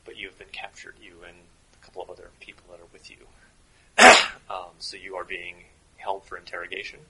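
A man narrating a tabletop role-playing game as game master, relaxed and chuckling, thinking aloud with fillers. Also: deep voice, brisk, noisy background.

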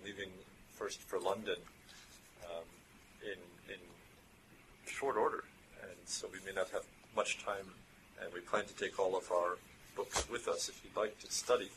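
A man playing a tabletop role-playing game, speaking in character in a halting, explanatory way. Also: low-pitched, poor audio. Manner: halting, explanatory, many fillers. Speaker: tabletop player. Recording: home recording with background noise.

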